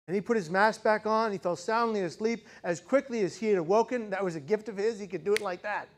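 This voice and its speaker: Man in his forties, high voice, keynote speaker, dramatic storytelling, loud then hushed. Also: fast talker, few pauses. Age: 40s. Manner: dramatic, swings between loud intensity and hushed quiet. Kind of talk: personal storytelling speech.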